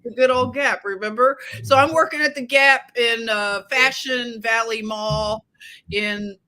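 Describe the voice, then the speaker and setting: A woman co-hosting a casual chat, telling animated stories and laughing often. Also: on the high side, a little slow. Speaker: podcast co-host.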